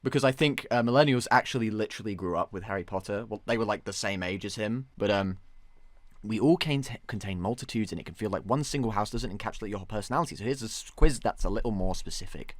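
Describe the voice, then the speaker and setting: A young man in his twenties hosts a relaxed film chat, joking and bantering with quick restarts. His voice sits fairly low, and it comes across dry and close with little room sound. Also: no room sound. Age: 20s. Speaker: host. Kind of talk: casual chat about films.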